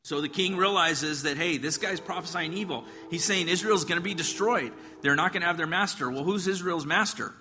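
A man's voice: a little high, a little fast, few pauses, big-room sound. A man preaching a sermon, retelling a Bible story in a conversational, emphatic way and speaking directly to his listeners.

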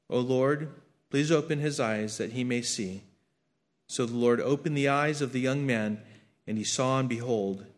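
Earnest man preaching in a reverberant hall. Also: mid-range voice. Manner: earnest, swinging between emphatic and hushed, repeats words. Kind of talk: sermon with scripture reading.

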